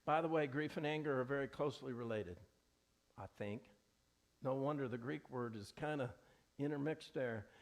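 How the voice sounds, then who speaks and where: A man's voice: mid-range voice, moderate pace. A middle-aged man preaching a sermon in a church, earnest and conversational, often restarting his sentences. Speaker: pastor. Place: church sanctuary.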